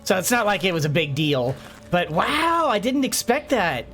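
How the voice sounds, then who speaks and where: A woman giving casual, excitable commentary while she plays a game, chatting away with frequent gasps and laughs. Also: mid-range voice, normal speed, soft background music. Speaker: gameplay streamer.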